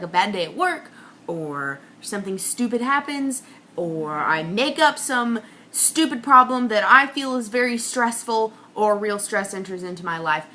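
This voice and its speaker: Young woman, comic monologue, ranting and self-mocking, bright tense voice, faint noise behind. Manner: ranting, self-mocking, swings between whispers and high outbursts.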